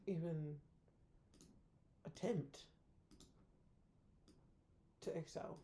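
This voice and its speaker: A woman's voice: fairly low pitch, fairly even intonation, extremely slow, pauses often, mellow. A woman trader going over her own week of trades, scolding herself bluntly in a frustrated tone and swearing casually. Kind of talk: casual weekly trade review.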